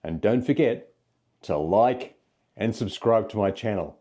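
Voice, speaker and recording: Aussie grandad in his sixties, lively dad-joke teller. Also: lowish voice, a little slow. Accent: Australian. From Australia. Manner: chuckles at own jokes, animated delivery. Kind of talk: recorded dad-joke telling.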